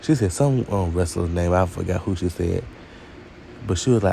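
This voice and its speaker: A man's voice: deep voice, normal speed, gravelly, warm tone, a little hiss or hum. A man reviewing a TV show in a sassy, opinionated rant, talking straight to his viewers.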